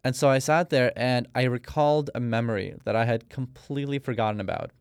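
A man's voice: medium pitch, fairly even intonation, brisk, smooth, dry recording, clean studio sound. A man in his thirties from Russia, a podcast guest telling a personal story in a rambling, casual way with many fillers. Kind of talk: casual interview talk.

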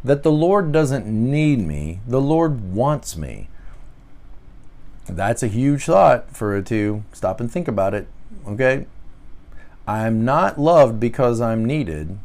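Podcast guy musing out loud, voice goes up and down a lot, repeats himself, lots of uh and you know. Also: mid-range voice, big pitch swings, takes it slowly. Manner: reflective, repeats his questions aloud, frequent uh and you know. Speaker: podcast host. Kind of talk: faith-based self-help podcast monologue.

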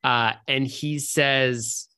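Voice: mid-range voice, drawn-out words, smooth. Tabletop game master, easygoing and descriptive. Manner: relaxed, descriptive, hesitant.

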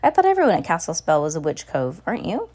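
A woman's voice: sits low, wildly swooping pitch, fast talker, darkish tone, heavily acted. Woman doing a confident girl witch, cheerful, encouraging, lilting voice.

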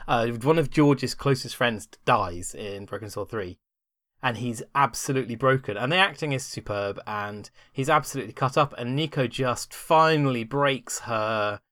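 A man's voice: medium pitch, normal speed, fairly bright tone, dry recording, clean studio sound. A man co-hosting a casual podcast, enthusiastic and rambling, often restarting his sentences. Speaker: podcast co-host.

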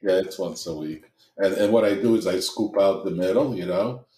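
Deep-voiced New man in echoey room. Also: normal speed, dark tone. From New Jersey. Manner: stammering repeats, laughs often. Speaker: podcast co-host. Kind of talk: casual chat.

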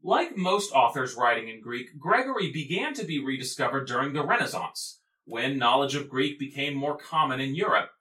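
Animated man giving a playful history lecture. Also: mid-range voice, moderate pace, few pauses. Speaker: podcast host explaining church history. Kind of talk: humorous scripted lecture. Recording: roomy echo, off mic, faint music.

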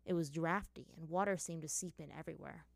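A woman reading fan fiction aloud in an even storytelling manner. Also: sits low, fairly quick, vocal fry, dry recording. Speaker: reader.

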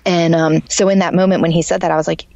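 A woman with a lowish voice talks as an interview guest, rambling earnestly and filling her sentences with "like". The sound is dry and dull, as if from a lo-fi recording. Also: level tone, quick pace, creaky, warm tone, no room sound. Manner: rambling and earnest, heavy use of "like". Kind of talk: casual interview chat.

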